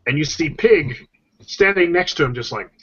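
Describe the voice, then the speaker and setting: A man's voice: on the high side, expressive, normal speed, fairly bright tone, breathy edge. A man chatting on a podcast, animatedly retelling comic strips and acting out the characters' lines. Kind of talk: casual chat. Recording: dull lo-fi podcast recording.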